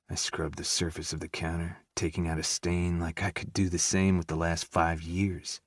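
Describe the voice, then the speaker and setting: Male first-person narrator, low, measured, dry close read. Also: little pitch movement, dry recording.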